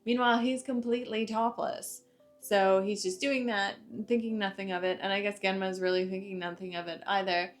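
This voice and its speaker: A woman's voice: mid-range voice, steady tone, a little fast. A young woman talks through an anime episode in a loose, chatty recap. She leans on fillers and trails her sentences into one another, with faint music behind her. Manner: chatty, uses many fillers like "like" and "uh". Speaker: anime reviewer.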